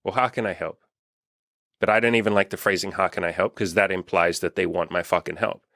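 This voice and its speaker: Low-pitched and fairly bright, with vocal fry, a young male dating coach who runs a channel talks fairly quickly with fairly even intonation. He's blunt and profane in a casual podcast chat, raising his voice when he acts out quotes. No echo, studio quality.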